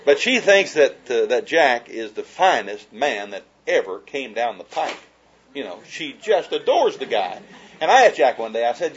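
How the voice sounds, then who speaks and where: A man's voice: mid-range voice, sing-song, normal speed, dull audio, a little hiss or hum. A man giving a humorous, folksy talk about marriage to an audience, telling stories and chuckling as he goes. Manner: folksy storyteller, chuckling as he talks.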